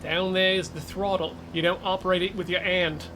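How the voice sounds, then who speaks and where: A man's voice: sits high, level tone, fairly quick. A man streaming a sim racing game, chatting casually, coaching himself and joking with viewers. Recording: game car engine noise underneath. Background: racing game engine and track sounds.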